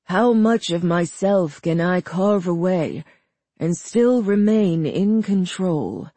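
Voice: medium pitch, expressive, dark tone, dry recording. Narrator voicing a frail, menacing old villain. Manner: slow, mild, menacing delivery. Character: frail old male villain, cruel and calm.

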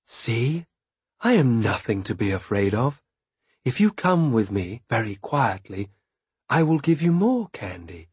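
A man's voice: medium pitch, sing-song, a little slow, slightly rough, dry recording, heavily acted. A man putting on a whispering, wheedling female jailer. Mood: sweetly insistent. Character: coaxing female jailer luring a child, whispering.

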